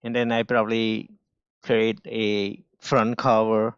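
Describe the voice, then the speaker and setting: Male streamer, non-native English with a strong accent, slow and halting, smooth voice, dry muffled audio. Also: on the low side, little pitch movement, dry recording. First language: not English. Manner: halting, restarts often, slow careful phrasing. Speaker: day trader streaming live. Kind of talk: casual live-stream talk.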